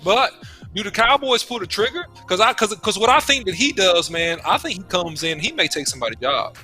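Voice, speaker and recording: A man's voice: sits high, lively intonation, fairly quick, pushed and bright, soft background music. A man co-hosting a casual sports talk stream who stammers through restarts, repeats himself and explains with homespun analogies. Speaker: co-host and football analyst.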